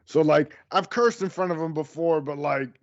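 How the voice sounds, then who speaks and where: A man's voice: fairly high pitch, normal speed. A man co-hosting a podcast, telling a laid-back story in casual chat. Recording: dry, dull lo-fi audio.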